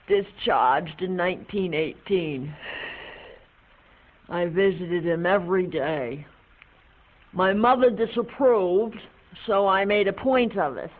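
A wistful older lady telling a dog a story. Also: lowish voice. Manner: unhurried, musing storyteller with hesitant pauses. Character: older woman reminiscing wistfully to her dog. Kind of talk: film monologue. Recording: tinny, phone-like film audio.

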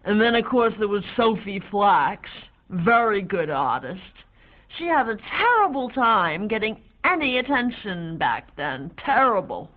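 A woman voicing an elderly lady who reminisces slowly, with hesitant pauses. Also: medium pitch, big pitch swings. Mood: wistful. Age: older. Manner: slow, halting, hesitant reminiscence. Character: elderly woman reminiscing, wistful, gentle, rambling. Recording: tinny lo-fi phone-like sound.

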